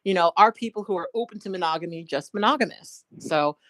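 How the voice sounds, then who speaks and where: A woman's voice: fairly low pitch, fast talker, fairly bright tone, slight background noise. A woman hosting a live call-in show, talking casually and reassuring her nervous callers. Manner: friendly and reassuring toward callers.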